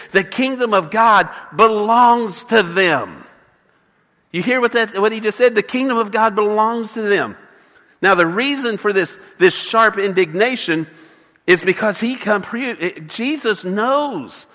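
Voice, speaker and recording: A man preaching in a church sanctuary with a high, bright, forceful voice. He pushes his points hard, stumbles and restarts, and voices the people in the story. The sound carries a long hall reverb. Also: unhurried. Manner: emphatic preaching with repeated restarts and acted quotes. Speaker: pastor. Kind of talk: sermon.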